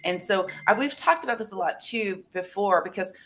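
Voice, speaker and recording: A woman's voice: medium pitch, fairly quick, a bit bright, slight background noise. Chatty woman podcast co-host. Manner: chatty, interjecting with reactions. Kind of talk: casual chat.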